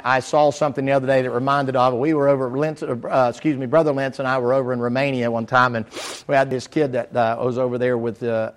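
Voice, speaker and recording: A man's voice: mid-range voice, fairly bright tone. A man preaching a sermon, moving from folksy storytelling to fervent exhortation.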